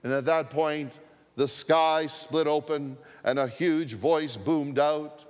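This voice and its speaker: Male pastor, slow deliberate sermon delivery, somewhat high voice, long hall reverb. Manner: slow, deliberate storytelling with repetition.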